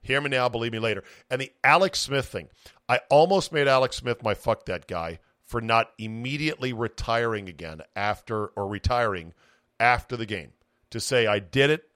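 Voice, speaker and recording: A man's voice: medium pitch, normal speed, fairly bright tone, dry recording, studio quality. Profane, opinionated man talking sports. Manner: profane, opinionated, acts out quoted players. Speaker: podcast host. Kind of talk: casual sports chat.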